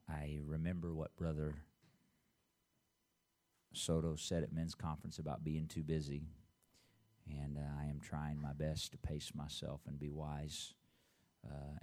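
A man, the pastor, giving church announcements and then preaching a sermon, leading call-and-response and reading scripture aloud slowly. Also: extremely low pitch, darkish tone. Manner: reads scripture aloud in a slow, drawn-out voice.

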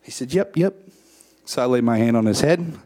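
Male preacher, mid pitch, sermon storytelling, animated, voices the quotes low. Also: normal speed. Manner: animated, rises to high emphatic peaks; acts out quoted dialogue in a lower, quieter voice.

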